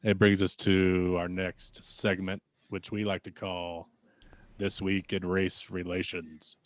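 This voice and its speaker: A man co-hosting a podcast, introducing segments in a dry, deadpan way. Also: sits low, slow pace, no room sound. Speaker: podcast co-host. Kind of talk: casual podcast chat.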